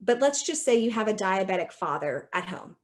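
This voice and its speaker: A woman's voice: mid-range voice, big pitch swings, brisk. Chatty woman attorney giving a lecture. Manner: chatty, keeps checking in with "okay?"; acts out dialogues with police. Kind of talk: informal legal lecture.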